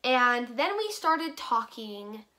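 A woman's voice: fairly high pitch, sing-song, slow pace, pushed and bright. A teenage girl telling a story to her camera, chatty and full of fillers, acting out what others said. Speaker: vlogger. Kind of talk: casual storytime.

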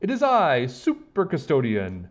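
A man voicing a zany, high-energy female school custodian who announces herself like a superhero in grand, theatrical proclamations. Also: huge pitch swings, measured pace, highs cut off, full character voice. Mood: heroic.

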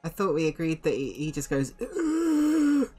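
A woman's voice: low-pitched, fairly even intonation, fast, warm tone, breathy edge, faint music behind. A woman playing a tabletop role-play game, casually describing her character's actions in an amused way. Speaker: player.

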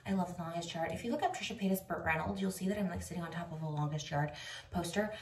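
A woman's voice: lowish voice, quick pace, noisy background. Woman vlogging, out of breath, giggles a lot, echoey room, mic kinda far. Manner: giggly, chatty, slips into whispers. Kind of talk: casual vlog chat.

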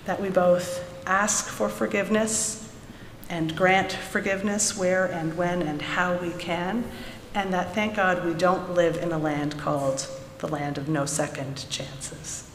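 Woman, animated storyteller, big echoey sanctuary, faint room hum. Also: fairly low pitch, a little slow. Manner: animated storytelling, lively voices for characters. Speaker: storyteller at a synagogue service. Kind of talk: reading a children's story aloud, then teaching. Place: large sanctuary. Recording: echoey hall, from a room mic.

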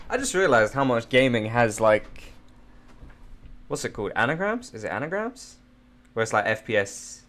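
A man giving casual, profane gameplay commentary, self-mocking, and swinging from loud outbursts to low mutters. He has just woken up and has a sore throat. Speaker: gamer streamer.

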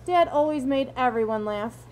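A woman's voice: high-pitched, animated, moderate pace, darkish tone, a little hiss or hum, low-quality recording. A woman reading a novel aloud in an informal way, with small slips and restarts. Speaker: audiobook reader.

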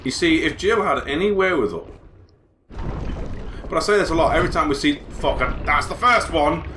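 A man's voice: fairly high pitch, lively intonation, normal speed, background noise. A man co-hosting a casual gameplay video, swearing and joking as he plays. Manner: swearing, joking, slips into silly accents. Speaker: let's play co-host.

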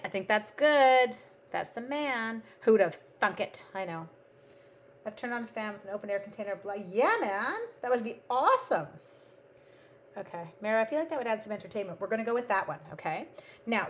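A woman's voice: medium pitch, a little hiss or hum. A woman from Canada hosting a live card-making stream, chatting playfully with viewers and talking to her supplies. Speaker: live-stream crafting host.

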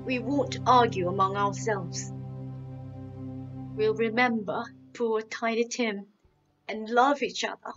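Woman voicing a tender, grieving poor father in a storybook, soft-spoken; slow pace, dull lo-fi sound. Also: on the high side, fairly even intonation, pitched above the performer's own voice. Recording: dull lo-fi, new-age music behind.

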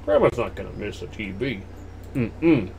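Animated joking gamer guy. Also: lowish voice, moderate pace, creaky, noisy background. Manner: animated, joking, rambling asides. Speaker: let's play host. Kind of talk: horror game commentary.

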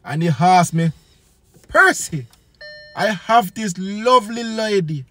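A man's voice: high voice, animated, slow pace, pushed and bright, full character voice. A man doing a brash, bawdy preacher. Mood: boastful. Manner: preachy, sing-song, rowdy. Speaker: comedian. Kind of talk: improvised comic character bit.

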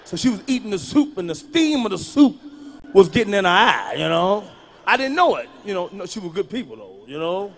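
High-voiced guy doing stand-up, cussing a lot, goes from mumbling to yelling. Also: sing-song, fairly quick, a little hiss or hum. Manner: loud, profane, punchy delivery that jumps between muttering and yelling. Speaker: stand-up comedian. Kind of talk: live stand-up storytelling.

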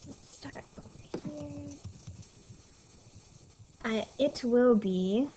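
A woman's voice: sits high, drawn-out words, mellow, muffled recording. A woman teaching French to her class in a casual, chatty recorded lesson, with small apologetic asides, on scratchy audio from a tablet mic at home. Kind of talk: recorded lesson over slides.

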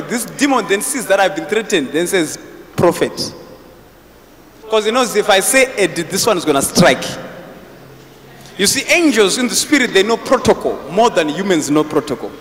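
High, bright-voiced preacher shouting. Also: male voice. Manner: forceful, repetitive, bursts into shouts. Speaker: prophet preaching. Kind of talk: deliverance sermon. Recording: echoey hall with faint noise.

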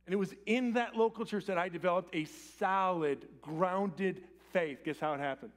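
A man preaching a sermon as pastor in a church, swinging from loud urgent appeals to quiet, intimate lines. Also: high voice, normal speed. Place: church sanctuary.

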